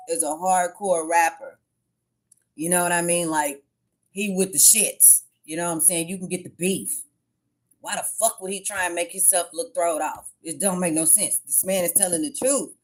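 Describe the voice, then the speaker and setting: A woman hosting her tarot channel, chatting casually on a livestream and telling a story in frank, profane speech. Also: fairly low pitch.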